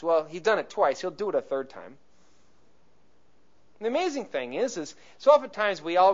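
Male pastor, conversational sermon with bursts of emphasis; slightly high voice, muffled recording. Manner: conversational preaching, swells in emphasis.

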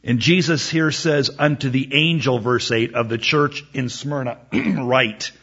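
A man preaching a sermon, reading scripture slowly with emphasis and acting out a back-and-forth exchange. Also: medium pitch, steady tone, fairly bright tone, breathy edge. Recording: dull lo-fi recording.

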